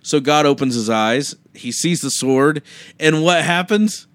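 A man co-hosting a podcast and preaching, telling a Bible story in a casual, animated way and acting out the quotes. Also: fairly high pitch, a little slow, dry recording.

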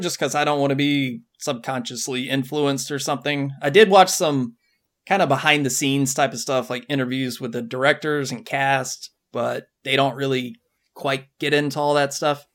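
A man co-hosting a podcast, talking about a film in a relaxed, easygoing way. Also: medium pitch. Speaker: podcast co-host. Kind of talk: casual movie review chat.

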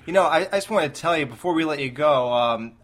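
A man's voice: fairly high pitch, expressive, fast, a bit bright. A man co-hosting an interview, eagerly asking a guest questions as a fan. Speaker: podcast co-host. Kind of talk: casual chat.

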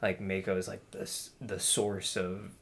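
A man's voice: sits low, level tone, normal speed. A man in casual chat about video games, rambling with many fillers and frequent laughs.

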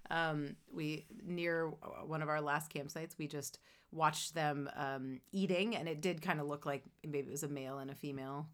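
Low-voiced Canadian woman co-hosting a podcast. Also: steady tone, moderate pace, clean tone. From Ontario, Canada. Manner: hesitant, many ums and restarts, laughs often. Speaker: podcast co-host. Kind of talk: casual chat.

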